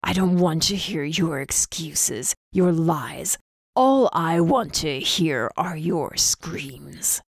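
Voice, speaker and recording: A woman voicing a harsh, vengeful man who speaks in cold, low threats. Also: animated, slow, gravelly, dry recording, clean studio sound, heavily acted. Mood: contemptuous.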